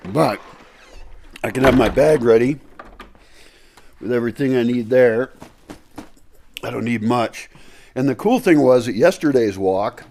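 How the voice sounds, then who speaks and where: A man's voice: medium pitch, animated, measured pace, pauses often, darkish tone, a little hiss or hum. A man talking casually to his camera in a vlog, rambling and thinking aloud with many fillers, his speech a little muffled by a candy in his mouth. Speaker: vlogger. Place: house indoors before dawn.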